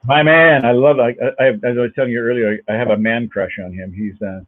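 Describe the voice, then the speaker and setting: A man's voice: medium pitch, steady tone, brisk, no echo. A man in his sixties, a guest actor, telling rambling anecdotes in a casual interview, often repeating words as he goes. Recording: phone-like narrow line.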